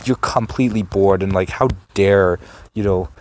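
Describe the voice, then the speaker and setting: A man's voice: low voice, moderate pace, no echo. A young man hosting and rambling casually through plans for a mock interview, with many fillers. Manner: rambling, filler-heavy planning talk. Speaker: host.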